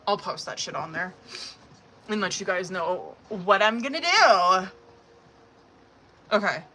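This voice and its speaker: A woman's voice: medium pitch, expressive, slow, pushed and bright. Chatty, profane woman reading tarot live. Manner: chatty and profane, laughing often. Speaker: tarot reader.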